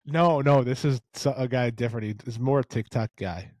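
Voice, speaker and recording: A man co-hosting a casual sports podcast, telling stories in a relaxed way. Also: mid-range voice, brisk, no room sound. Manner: relaxed storytelling, laughs easily. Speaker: podcast co-host.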